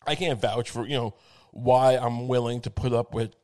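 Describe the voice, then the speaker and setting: A man rambling through a comic monologue, self-mocking and profane, with frequent halting restarts. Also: mid-range voice, fairly even intonation, a little mellow.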